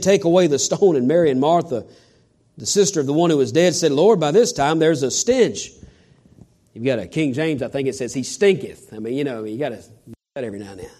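A man's voice: a little high, a little mellow. A middle-aged male pastor preaching a sermon, acting out scripture quotes with swells and sudden drops in volume.

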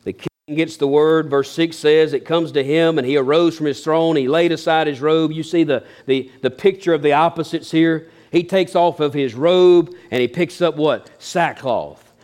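A man's voice: fairly high pitch, normal speed, hardly any pauses, a little mellow. A man preaching a sermon as a pastor, folksy and earnest, building emphasis as he goes.

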